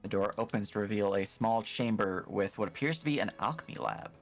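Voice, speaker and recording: A man narrating a tabletop game as game master, describing scenes in a measured way. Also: on the low side, soft background music.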